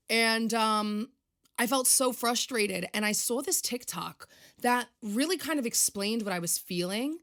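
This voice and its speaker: A woman's voice: medium pitch, fairly bright tone. A young woman, chatting on her own podcast in a rambling, confessional, emotional way. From Long Island, New York. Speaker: podcast host. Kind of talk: casual solo podcast chat.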